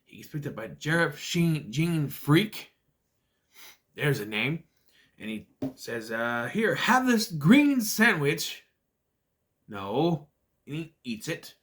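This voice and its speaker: Taking it slowly, with long pauses, a man recaps a bad movie in a medium-pitched, expressive, fairly bright voice. This movie reviewer keeps it casual, drops sarcastic asides, and leaps into exaggerated voices whenever the characters speak.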